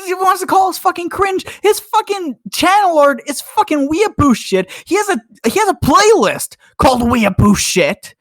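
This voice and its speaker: A drunk man cohosting a podcast, ranting loudly with constant swearing and mocking laughs. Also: very high-pitched, lively intonation, normal speed, few pauses, dry recording, studio quality. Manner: loud, swearing, mocking, laughs between insults. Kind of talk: drunken profane rant.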